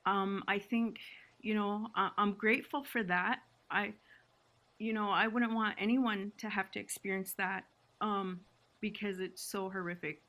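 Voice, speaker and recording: A woman's voice: mid-range voice, fairly even intonation, measured pace, bright, forceful tone. A woman from Six Nations, Canada, a podcast guest telling her family story in an emotional, reflective way. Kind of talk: podcast conversation.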